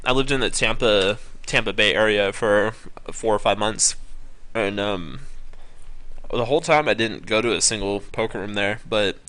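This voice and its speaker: Young man, lowish voice, bright, streaming, casual commentary, lots of ums and self-corrections. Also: moderate pace. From California. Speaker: poker streamer.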